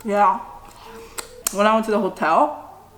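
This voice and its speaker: Here the same kind of casual eating-vlog chat comes from a middle-aged woman who hums "mm" between bites. Her medium-pitched, fairly bright voice stays steady and unhurried. A little hiss or hum sits under the roomy, echoing sound.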